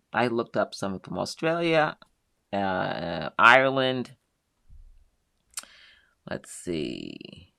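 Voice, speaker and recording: A woman's voice: very deep voice, gravelly, fairly bright tone, no room sound, clean studio sound. A middle-aged woman hosting a live quilting show, chatting casually as she reads out viewers' comments and answers them one by one.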